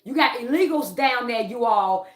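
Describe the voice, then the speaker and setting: A woman's voice: fairly high pitch, animated, moderate pace. A woman vlogging live, talking casually and angrily to her viewers, repeating herself and calling out to them as y'all. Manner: agitated, repetitive, addresses viewers as y'all. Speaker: online fitness and politics vlogger. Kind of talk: casual heated livestream rant. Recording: roomy echo.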